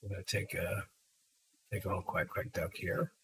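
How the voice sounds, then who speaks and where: A man's voice: sits low, level tone, normal speed, a bit bright, slight background noise. A man doing casual live commentary on a pool match, laid-back and joking.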